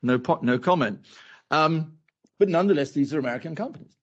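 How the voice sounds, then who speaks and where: A man's voice: fairly high pitch, lively intonation, fast. A male academic answering a question at a university talk, rambling with many asides and repeated phrases, on a dull lo-fi recording. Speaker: academic speaker.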